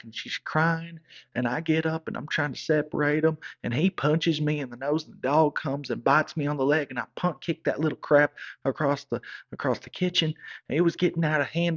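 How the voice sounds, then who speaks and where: A man's voice: fairly high pitch, fairly even intonation, moderate pace. A man telling a rowdy, profane comic story in a rambling backwoods way, as a regular storyteller. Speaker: comedic storyteller. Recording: dull lo-fi recording.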